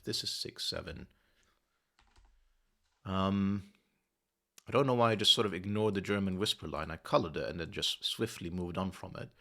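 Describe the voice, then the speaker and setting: A man's voice: deep voice, vocal fry, sharp tone. A man hosting his own channel, thinking aloud as he works methodically through a sudoku and correcting himself as he goes. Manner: muttering, methodical, self-correcting. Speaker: sudoku solver and channel host. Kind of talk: thinking aloud while solving a puzzle.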